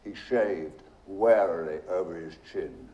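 A man giving a measured, expressive dramatic reading of literary prose. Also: low voice, highs cut off. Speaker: reader. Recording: echoey room.

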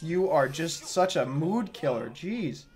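Male co-streamer, teasing banter, slightly high and lively. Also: slow. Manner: playful, teasing. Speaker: co-player and video editor. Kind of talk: casual game-stream banter.

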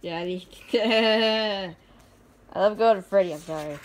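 A woman's voice: mid-range voice, takes it slowly. A young woman showing her own drawings in a casual, rambling chat, giggling often and making fun of herself. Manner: giggly, rambling, self-deprecating.

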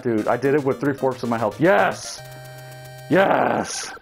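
A young man giving casual gameplay commentary, swearing, shouting at enemies and talking to his viewers as he plays. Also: medium pitch, animated, normal speed, soft background music. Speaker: let's play gamer.

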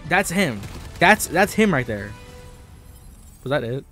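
A man's voice: medium pitch, very animated, a little slow, long pauses, pushed and bright, faint music behind. A young man giving casual gameplay commentary in a boastful, playful, hyped-up way, repeating himself for fun. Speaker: gaming YouTuber.

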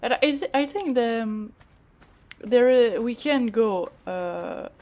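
A woman who is not a native English speaker, giving excitable let's-play commentary that swings into squeals and swearing. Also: on the high side, slow pace, dull audio. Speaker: gaming YouTuber.

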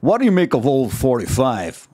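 Guy doing a nosy yank at a motel, chatty, blunt questions, voice a bit higher and off from his own. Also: sing-song, normal speed, warm tone, breathy edge. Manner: chatty, prying, mishears nothing, blunt questions. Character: nosy friendly American man at a motel.

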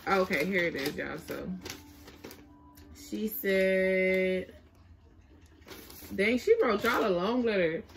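A woman's voice: medium pitch, slow pace, long pauses, soft background music. A young woman chatting casually to camera as a vlogger, often apologizing and talking to her baby while she looks through letters.

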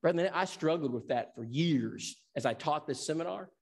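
A man from Tennessee preaches to a congregation with a fairly high, animated voice. He tells stories emphatically and swoops up and down as he presses his points. He drops soft when he wants a line to sink in. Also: normal speed, husky. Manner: emphatic storyteller acting out dialogue. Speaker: evangelism seminar teacher. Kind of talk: sermon.

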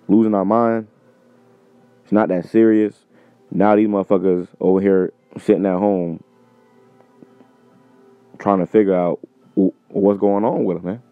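A man's voice: fairly low pitch, clean tone, no room sound. A man preaching informally between scripture readings, emphatic and profane, often ending phrases with "man". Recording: tinny phone-like sound with faint music.

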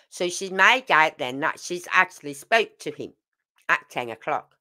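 An older woman talks through a case in casual commentary, her voice bright and sharp. Her pitch sits a little low but swings widely as she stresses points and throws in rhetorical questions. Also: moderate pace. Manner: animated, emphatic retelling with rhetorical questions. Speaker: true crime channel host.

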